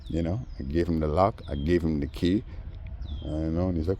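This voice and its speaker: A man telling a story in a casual monologue, animated and acting out the voices of others. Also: very deep voice, normal speed, a little hiss or hum. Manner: animated, acts out voices in quoted dialogue. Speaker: vlogger.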